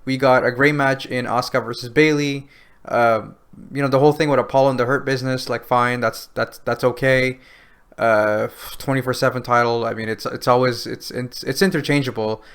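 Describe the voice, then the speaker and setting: A man co-hosting a podcast in an easygoing, chatty way. He retells scenes by acting out quoted lines, with plenty of fillers and restarts. His voice sits at an ordinary medium pitch. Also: steady tone, a little fast, a bit bright, clean tone. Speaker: podcast co-host. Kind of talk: casual recap chat.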